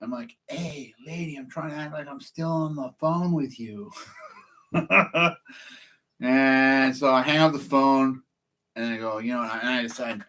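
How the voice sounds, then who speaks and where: A man's voice: medium pitch, a little slow, bright, forceful tone. Man, casual vlog story, rambling, profane, self-mocking. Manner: profane, rambling, laughs at himself. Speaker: process server vlogger.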